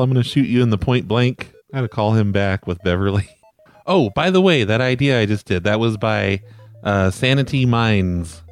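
Deadpan man teasing on a prank call. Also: on the low side. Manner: calm, dry, mocking. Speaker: prank caller and host.

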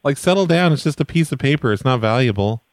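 A man hosting a prank call show, calm, dry and mocking as he teases an angry caller. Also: mid-range voice, fast, dry recording.

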